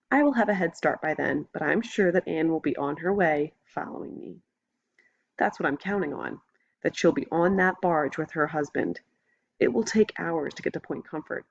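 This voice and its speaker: A woman narrating a novel in the first person, in a steady, measured reading voice. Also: on the low side. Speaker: audiobook narrator. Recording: dull lo-fi recording.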